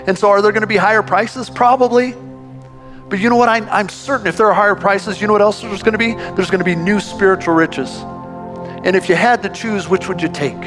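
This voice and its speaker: A man preaching a sermon to his church, conversational and animated, often restarting his sentences. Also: high-pitched, quick pace, soft background music. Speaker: pastor.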